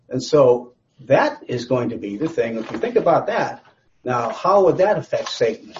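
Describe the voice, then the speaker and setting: A man's voice: medium pitch, sing-song, moderate pace, a little mellow. A man teaching a Bible study in a conversational, rambling way, often restarting his sentences. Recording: slightly dull lo-fi recording.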